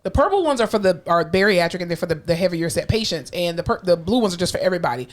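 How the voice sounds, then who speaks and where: A woman's voice: lowish voice, expressive, very fast. A woman co-hosting a podcast, telling a work story in casual chat, easygoing, swearing now and then and acting out the voices she quotes. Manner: laid-back, swears, acts out quoted voices. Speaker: podcast co-host.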